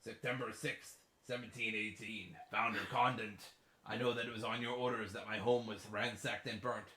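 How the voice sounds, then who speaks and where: A man's voice: fairly low pitch, steady tone, normal speed, sharp tone, reverberant, slight background noise. A man reading aloud as a mock pirate writing a farewell journal, in a theatrical pirate accent. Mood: menacing.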